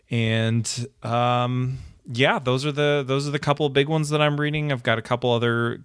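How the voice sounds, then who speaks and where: A relaxed man chatting as a podcast co-host. His voice sits mid-pitch and sounds close and dry, with no room echo. He talks in an easygoing way over a remote call. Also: clean tone. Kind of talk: casual chat.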